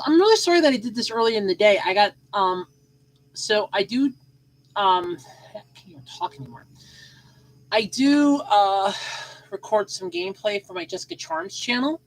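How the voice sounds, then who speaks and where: A woman's voice: mid-range voice, rough recording. A woman hosting a solo podcast in a casual, rambling way, full of fillers and repeated phrases, and sleepy. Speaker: podcast host.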